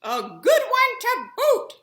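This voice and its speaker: A woman's voice: extremely high pitch, wildly swooping pitch, slow pace, reverberant, pitched above the performer's own voice, exaggerated voice. Woman doing rowdy pirate crewmen. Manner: shouting in unison.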